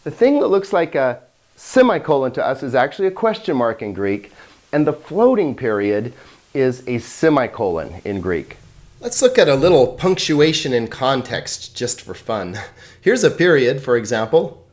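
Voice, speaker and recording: A man teaching a relaxed video language lesson, friendly and chuckling often as he explains. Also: a little slow. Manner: friendly, chuckles often, lively pitch swings.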